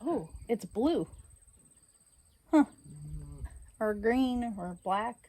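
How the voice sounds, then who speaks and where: A woman's voice: on the high side, expressive, drawn-out words, dark tone. A woman, a cattle farmer talking to her viewers in a casual, emotional, candid way after a hard day. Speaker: farmer and video host. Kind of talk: casual vlog talk to viewers. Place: outdoors on a cattle farm.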